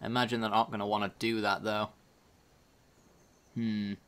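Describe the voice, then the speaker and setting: A man's voice: fairly low pitch, little pitch movement, normal speed, fairly bright tone, clear, resonant tone. A man casually commenting on his own card game as he plays, thinking aloud about each move. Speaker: gaming channel host.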